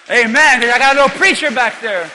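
Shouting often and urging the congregation to answer back, a male pastor delivers an emphatic sermon slowly in a high, piercing voice. The sound rings through a large reverberant hall, with slight background noise.

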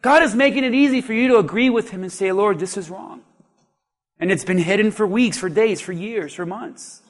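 High-voiced preacher. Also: male voice, fairly quick. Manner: swings from hushed asides to laughing shouts, acts out quotes. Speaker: pastor. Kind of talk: sermon.

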